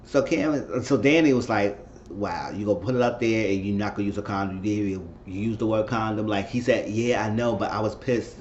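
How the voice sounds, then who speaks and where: A man's voice: lowish voice, brisk, darkish tone, highs cut off, slight background noise. A man casually recapping and commenting on a TV episode, rambling and repeating himself as he retells it. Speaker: TV episode reviewer.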